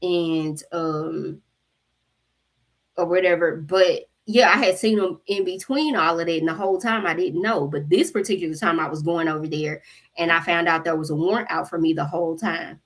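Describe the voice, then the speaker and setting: A woman hosting a spiritual channel, telling a story to her viewers in an animated, profane way and acting out the voices of the people in it. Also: lowish voice, normal speed. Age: adult mother. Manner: animated, profane, acts out quotes.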